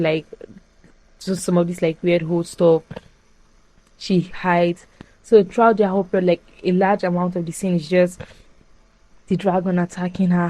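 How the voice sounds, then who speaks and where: A young woman casually retelling a film plot as a podcast host, animated and full of fillers. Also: fairly low pitch, poor audio. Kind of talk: casual chat.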